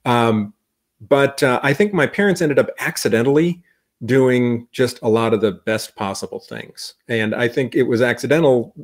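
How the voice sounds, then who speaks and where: A man takes his turn on a casual panel discussion, at an ordinary pitch. He thinks aloud, pausing and hedging with fillers. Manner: reflective, hesitant, with fillers. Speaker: panel guest.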